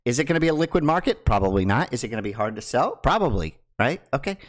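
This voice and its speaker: A young man talking casually to camera as a crypto YouTuber, teasing his viewers and dropping from loud bursts to hushed asides. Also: medium pitch, big pitch swings, quick pace.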